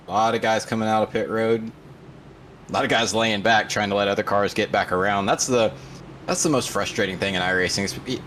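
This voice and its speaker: Low-voiced chatty male color commentator. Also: a little hiss or hum. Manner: relaxed and chatty, often restarting words. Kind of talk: sim racing color commentary.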